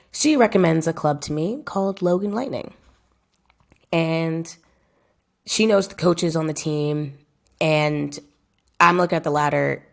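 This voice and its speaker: A woman's voice: sits low, creaky. A young woman footballer telling her story in a casual vlog, talking straight to viewers and hammering points home with repeated phrases. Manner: emphatic, repeats phrases for effect; addresses viewers directly and chattily. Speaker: footballer vlogging about her career.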